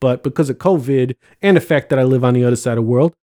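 A man's voice: mid-range voice, fast talker, mellow. A man from the United States hosting a podcast from home on a computer mic, rambling and joking with lots of fillers and swearing. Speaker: podcast host. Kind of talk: casual chat. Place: home, living abroad. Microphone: computer microphone.

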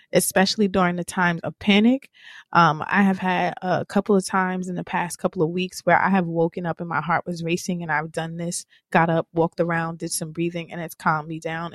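A woman's voice: on the low side, no echo, studio quality. Chatty rambling woman podcast host. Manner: chatty, rambling, warm slang with listeners; guides slow breathing exercises. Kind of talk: casual podcast chat.

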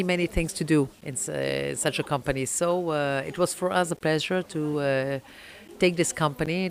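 A middle-aged woman with a French accent, speaking English as a second language, answering interview questions about running an oyster farm, pausing often with fillers and restarts. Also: low-pitched. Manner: halting, many fillers and restarts.

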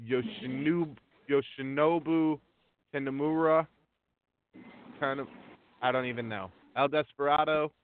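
A man hosting a wrestling news podcast in casual chat. He reads long lists of names unhurriedly, with many ums. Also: a little high. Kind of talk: casual talk show chat. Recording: tinny phone-line audio.

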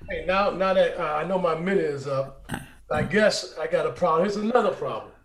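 A man's voice: on the high side, brisk. A man who is a regular on a talk show, arguing indignantly with profane rhetorical questions. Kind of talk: casual argumentative chat. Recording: roomy echo.

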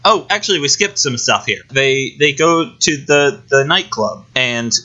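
Bright-voiced man rambling through a recap. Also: medium pitch, animated, measured pace. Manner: rambling, detailed plot recapping. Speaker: podcast co-host. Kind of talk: casual chat. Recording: dull lo-fi recording.

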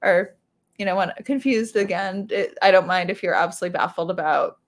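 A woman's voice: on the low side, fairly quick. A woman guest on a radio show, an author and podcaster, talking in a friendly, informal way. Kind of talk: casual radio interview.

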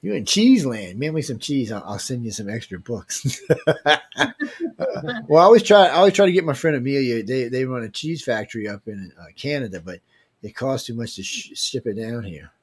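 A man's voice: mid-range voice, animated, fairly quick, slightly rough. Joking, teasing male livestream host. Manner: joking, teasing, loose with slang. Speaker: livestream host running a giveaway. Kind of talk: casual live chat reading viewer emails.

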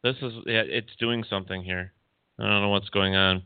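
A man hosting a talk radio show, chatting casually and filling pauses with agreement. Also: fairly low pitch, steady tone, clean tone, no room sound. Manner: apologetic, fills with "yeah". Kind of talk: casual interview chat. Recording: tinny dry phone line.

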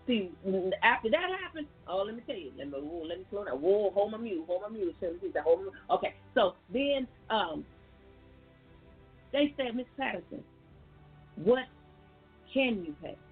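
A woman gives a folksy, preachy faith testimony as a guest on a call-in show, talking straight to her listeners. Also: medium pitch. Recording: tinny phone line with faint music.

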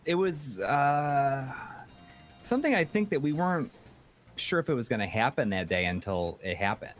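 A man's voice: medium pitch, sing-song, moderate pace, soft background music. A man co-hosting a casual chat show, reading out donations, rambling with many fillers and restarts. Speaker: podcast co-host reading donations.

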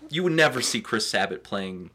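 A man co-hosting a podcast, talking in a measured, thoughtful way with some hedging. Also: lowish voice, animated, vocal fry, sharp tone, slight background noise. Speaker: podcast co-host. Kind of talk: casual chat.

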